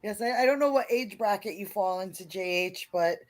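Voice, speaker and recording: A woman's voice: mid-range voice, fairly quick. A woman hosting a casual online discussion, laughing often as she talks. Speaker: host. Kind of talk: casual chat.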